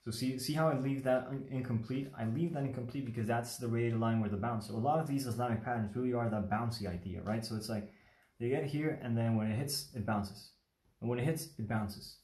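On a loose, talkative livestream, a Mexican origami instructor walks viewers through paper folding and keeps checking that they're following. He speaks fairly quickly in a mid-range voice with a darkish tone, and the phone or webcam mic picks up an echoey room.

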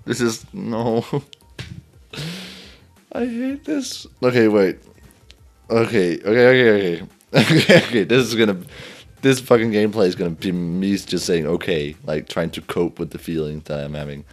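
A man's voice: on the low side, moderate pace, faint music behind. A young man giving let's play commentary, laughing often, swearing and yelping in frustration as he plays. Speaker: gameplay commentator.

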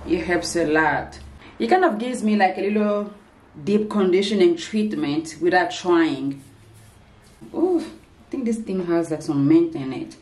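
A woman talks casually to her viewers at home, wandering from one thought to the next in a loose, chatty way. Her voice sits a little low. The room around her has a noticeable echo. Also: lively intonation, unhurried, a little mellow, slight background noise. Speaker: lifestyle vlogger. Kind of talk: casual vlog chat to camera. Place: indoors at home. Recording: echoey room.

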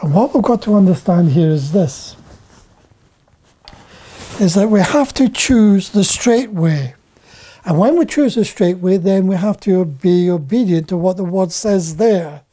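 Slow, deliberate male preacher. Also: high-pitched, lively intonation, dark tone. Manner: deliberate, repeats key phrases for emphasis. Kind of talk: Bible teaching sermon.

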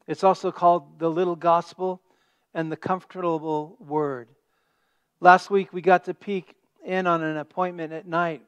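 A man preaching a sermon as pastor, stressing key words and dropping to a hush at the ends of phrases. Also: on the high side, lo-fi sound. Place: church sanctuary.

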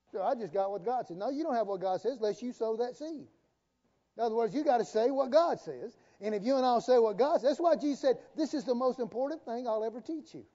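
Preacher guy, high mellow voice, jokey and folksy, dull echoey church stream. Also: animated, quick pace. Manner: folksy, joking preaching with call-and-response. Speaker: pastor. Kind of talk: sermon. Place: church sanctuary.

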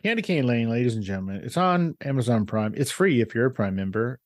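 A man's voice: medium pitch, animated, fast, no room sound, studio quality. A man hosting a podcast, chatting casually and enthusiastically recommending shows. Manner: enthusiastic, plugs shows to listeners. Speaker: podcast host.

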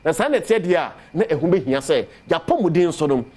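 A man with a Ghanaian accent speaks in a somewhat high voice. He gives a persuasive promotional talk on television about herbal medicine and comes back to the same phrases again and again. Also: sing-song, fairly quick, a little mellow. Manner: persuasive, repeats product pitch.

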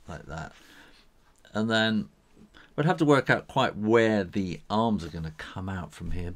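Deep gravelly man explaining as he draws. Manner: rambling, chuckles while sketching, many fillers. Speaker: drawing teacher. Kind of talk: casual drawing tutorial.

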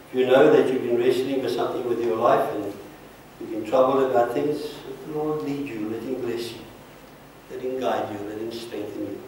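A man's voice: medium pitch, a little mellow. A man in the role of pastor leads an altar call, earnest and pleading as he repeats short blessings. His voice is heard from a distance in a very echoey church sanctuary, with faint room noise underneath.

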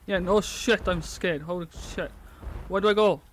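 High-voiced man yelling through a horror game. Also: moderate pace, slight background noise. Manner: panicked shouting and swearing. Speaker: gaming video host. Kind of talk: horror game playthrough commentary.

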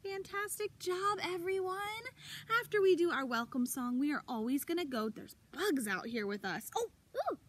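A woman leading a preschool circle time lesson outdoors, talking to young children in an animated, encouraging way. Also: high-pitched, fairly quick. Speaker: preschool teacher.

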